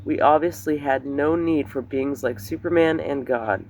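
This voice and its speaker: A man's voice: on the high side, normal speed, darkish tone, slight background noise, low-quality recording. A man reading a book aloud in a raw, unedited take, sometimes stumbling and correcting himself. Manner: plain, unpolished reading with occasional stumbles and self-corrections. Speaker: reader.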